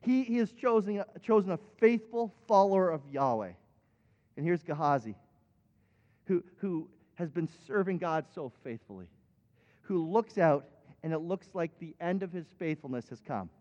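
A man's voice: a little high, expressive, moderate pace, darkish tone. A male pastor preaching a sermon with impassioned emphatic peaks. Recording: dull recording with long hall reverb.

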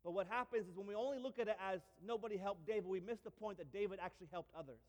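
A man's voice: high voice, very fast, a little mellow. A man preaching a sermon as a pastor, emphatic and repetitive with touches of light humor. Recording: long reverb of a large hall.

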